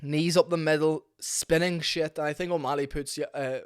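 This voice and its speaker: A man's voice: a little high, fairly even intonation, moderate pace, smooth. A man ranting bluntly in a casual, sweary vlog about fighting. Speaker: MMA commentary vlogger. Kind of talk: opinionated casual rant.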